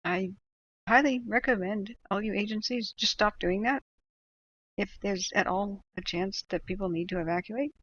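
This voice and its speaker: A woman's voice: medium pitch, dull audio. A woman hosting a livestream, talking casually and animatedly, with fillers and rants. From United States. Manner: animated, ranting, chatty with laughs and fillers. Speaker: livestream host tracking wildfires.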